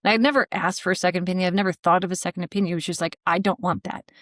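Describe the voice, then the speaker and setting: A woman's voice: on the low side, steady tone, racing, no room sound, studio quality. A woman guest on a podcast, telling a personal story candidly, with a joking streak and many "you know" fillers.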